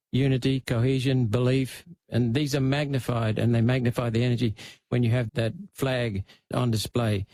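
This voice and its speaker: An Australian man answers in a political interview, blunt and emphatic, hammering points home in short bursts. His voice sits at an ordinary middle pitch. The sound is dry and close, with no room echo. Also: darkish tone. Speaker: senator, interview guest.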